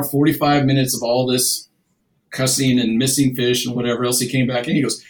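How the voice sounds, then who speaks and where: Guy rambling thru a fishing story, lots of restarts, middle-pitched voice. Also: fairly even intonation, quick pace, low-quality recording. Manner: rambling anecdotes with many restarts and acted-out quotes. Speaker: guest. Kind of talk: casual storytelling.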